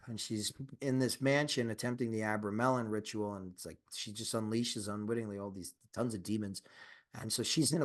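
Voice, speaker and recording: A man co-hosting a podcast in casual chat, rambling with restarts and swearing, and turning emphatic and insistent when he argues a point. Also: lowish voice. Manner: rambling, profane, with frequent restarts and fillers. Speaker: podcast co-host.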